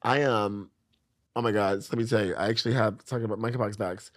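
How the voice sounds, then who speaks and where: A young adult man chatting as a podcast guest, telling lively stories with many restarts and laughs. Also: lowish voice, quick pace, no room sound, studio quality. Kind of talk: casual chat.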